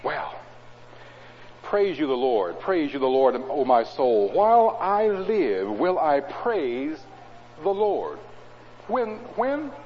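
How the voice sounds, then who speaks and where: A preacher giving a sermon in a church. He reads scripture loudly and drops to low, conversational asides. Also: very animated, slow, slight background noise. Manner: swings between loud scripture reading and low conversational asides. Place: church hall. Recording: dull, echoey hall recording.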